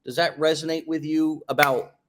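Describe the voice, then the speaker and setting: A man's voice: on the high side, fairly even intonation, a bit bright, slight background noise. Man hosting a coaching chat. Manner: coaching, drawn-out emphatic phrases. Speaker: podcast host. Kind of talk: casual interview chat.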